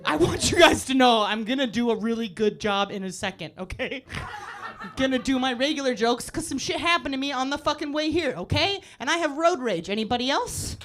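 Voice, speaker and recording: A woman works a comedy club crowd with a high voice that leaps all over the place. She is brash and profane and bursts into shouts. She keeps laughing through her lines. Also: lively intonation, brisk, slight background noise. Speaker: stand-up comedian. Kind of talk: live stand-up set. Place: comedy club stage before a live audience.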